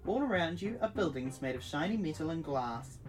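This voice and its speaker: Low, animated woman narrating. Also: brisk, distant mic, music in the background. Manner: giggly, animated storytelling. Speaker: host reading an adventure book. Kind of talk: playful read-aloud narration.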